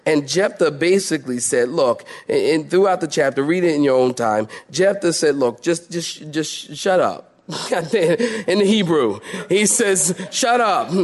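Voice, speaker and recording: A man preaching a sermon, animated and joking, acting out voices from the story. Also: a little high. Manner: animated, laughs while preaching, acts out quoted voices. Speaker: pastor.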